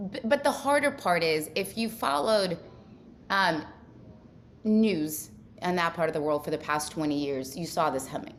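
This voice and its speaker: A woman's voice: deep voice, slight background noise. A woman from Ukraine, a guest in a casual interview, speaking earnestly in long run-on thoughts.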